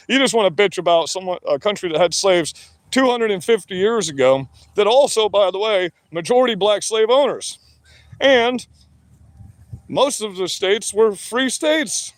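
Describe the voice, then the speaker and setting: A man's voice: high voice, dry recording. A man ranting alone to the camera in a combative, heavily profane monologue. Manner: profane, combative, heavy swearing. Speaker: vlogger. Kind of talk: angry monologue rant.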